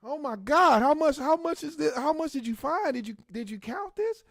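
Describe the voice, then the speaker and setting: A man putting on a sugary megachurch pastor, pitched well above a speaking voice that is already high, gushing blessings in an over-pious way and stammering into suspicion. The delivery is dry and close, with no room sound. It is a comic impression in a talk show bit. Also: fairly quick, a little mellow, dry recording. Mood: fake shock. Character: sugary, nervous, money-hungry male megachurch pastor.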